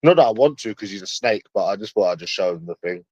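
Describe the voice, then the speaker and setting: A man's voice: fairly low pitch, animated, fast, a little mellow, no echo, muffled recording. A man streaming alone, rambling in a casual, mocking monologue full of swearing. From London. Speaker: livestreamer.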